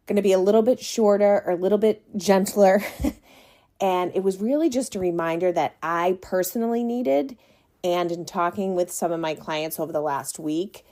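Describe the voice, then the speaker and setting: Woman, podcast host, low-pitched, calm, slow and encouraging delivery. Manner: soft, slow and reassuring, with small laughs. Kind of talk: gentle reflective podcast monologue.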